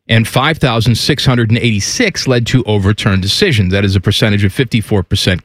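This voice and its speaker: A man's voice: on the low side, no room sound, clean studio sound. Blunt, wisecracking sports radio man. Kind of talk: casual sports talk, reading stats.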